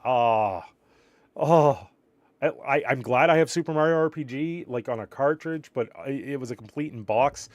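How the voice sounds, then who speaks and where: A slightly tired man chats casually on a live stream and rambles as he reacts to his viewers' messages. His voice is mid-pitched and the recording is dry and close. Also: no room sound. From Canada. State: a little tired.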